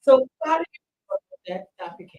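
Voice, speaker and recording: Loud playful woman hosting a chat show. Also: high voice, huge pitch swings, fast talker, highs cut off. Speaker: host. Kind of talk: casual podcast chat. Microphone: podcast studio mic.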